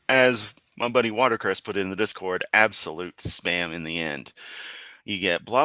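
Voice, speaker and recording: Yawning and worn out, a man on a live stream reads out comments and ridicules them, rambling sarcastically with laughs and restarts. He speaks at a measured pace in a lowish, expressive voice that sounds bright and forceful, with no room sound.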